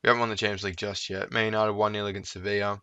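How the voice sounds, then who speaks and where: A man's voice: lowish voice, little pitch movement, very fast, bright, forceful tone, clean tone, no echo. A young man chatting casually through his football management game, talking to his players on screen as he goes. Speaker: gaming YouTuber. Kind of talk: casual let's-play commentary. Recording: dull, slightly lo-fi sound.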